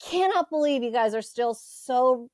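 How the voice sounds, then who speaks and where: A high-pitched woman in her forties holds forth in a casual podcast chat, blunt and full of profanity. Her voice sits close and dry in the recording, with no room around it. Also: a little slow, no room sound. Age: 40s. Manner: blunt, profane, animated rants. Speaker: co-host.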